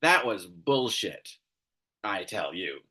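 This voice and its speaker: A man's voice: on the low side, very animated, slow, sharp tone, a little hiss or hum. A man hosting a commentary show, ranting angrily with lots of swearing and exasperation. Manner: angry, profane, exasperated.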